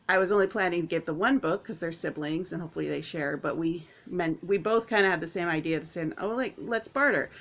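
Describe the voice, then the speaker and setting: A woman vlogging to camera at home, chatting casually in a rambling, excitable way with lots of fillers. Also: mid-range voice, slight background noise. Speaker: author and vlogger.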